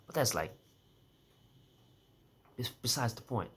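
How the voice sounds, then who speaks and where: A man's voice: medium pitch, expressive, slow, a bit bright, breathy edge. A young man in a casual personal monologue, rambling and correcting himself as he half-jokes through his thoughts. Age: young adult. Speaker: vlogger.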